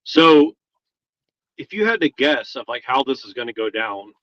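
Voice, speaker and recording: A man's voice: medium pitch, big pitch swings, normal speed, no room sound, dull audio. A man talking in a hesitant, thoughtful way in casual podcast chat, often restarting his sentences.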